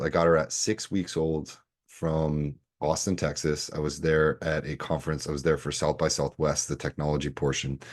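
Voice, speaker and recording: A man in his thirties hosts a solo podcast, telling stories in a casual, rambling style full of fillers. His voice is low-pitched and a little mellow.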